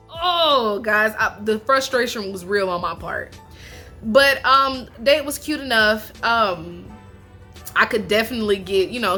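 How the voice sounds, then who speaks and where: Young female show reviewer: lively, casual, bright-toned, with soft music behind. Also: a little high. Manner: chatty and animated, laughs often, slangy asides. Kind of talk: casual chat.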